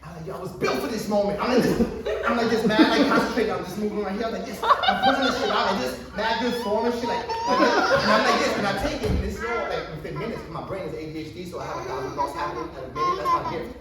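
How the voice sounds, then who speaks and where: A man's voice: high voice, wildly swooping pitch, quick pace, few pauses. A man in his thirties doing a stand-up comedy routine at a coffee shop open mic, rambling through his story with lots of fillers and swearing. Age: 30s. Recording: echoey distant room recording with ambient noise.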